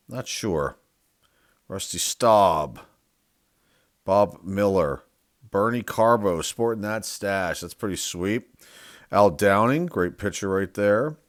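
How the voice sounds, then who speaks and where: A man with a lowish voice talks through a box of old baseball cards in a loose, rambling way, second-guessing himself and reading names aloud as he goes. The sound is close and dry, with no room around it. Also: dry recording. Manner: rambling, unsure, thinks aloud, reads off player names. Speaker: sports card collector. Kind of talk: casual card-opening commentary.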